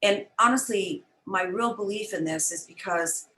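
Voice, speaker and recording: A woman's voice: medium pitch, normal speed, bright, forceful tone, roomy sound, a little hiss or hum, low-quality recording. An older woman telling a heartfelt personal story as an interview guest, earnest and chatty, over a video call. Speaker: guest, business founder. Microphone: online event, video call.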